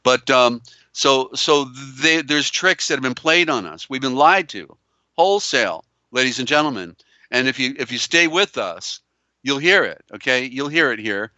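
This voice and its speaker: A man's voice: medium pitch, bright, forceful tone, clean tone, no room sound. A man hosting a live call-in show. He talks emphatically and repeats himself, with many fillers and restarts. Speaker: host. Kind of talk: live call-in show, reading viewer comments.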